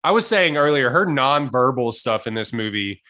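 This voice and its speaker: A man's voice: medium pitch, animated, normal speed, pushed and bright. A young man co-hosting a casual podcast, telling long rambling stories and laughing often. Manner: rambling storyteller, laughs a lot. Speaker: podcast host.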